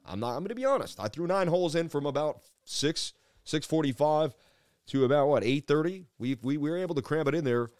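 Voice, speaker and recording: A man's voice: fairly high pitch, lively intonation, a little fast, darkish tone, dry recording, studio quality. A man hosting a live crypto market stream, hyped and preachy as he walks through the charts, often calling people "baby.". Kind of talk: live market analysis chat.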